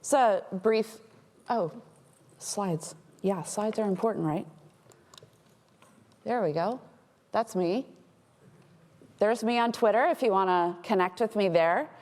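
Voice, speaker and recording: A woman from Texas giving a conference talk as a threat intelligence analyst, explaining in a clear way with light humor. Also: medium pitch, slow, pauses often, darkish tone. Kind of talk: conference presentation. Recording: long hall reverb.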